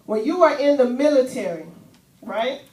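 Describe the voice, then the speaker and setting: Woman preacher, higher voice, animated and chatty, miked from a distance in a roomy church. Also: normal speed. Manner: animated, conversational preaching with casual asides. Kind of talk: sermon with volunteers on stage. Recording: echoey church room, voice from afar.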